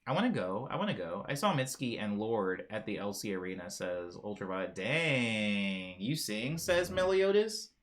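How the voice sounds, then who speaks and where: This young man hosts a livestream in a lowish, fairly bright voice with big pitch swings at normal speed. Chatting loosely, he reads out viewer comments in a playful, rambling way, often laughing and getting names wrong.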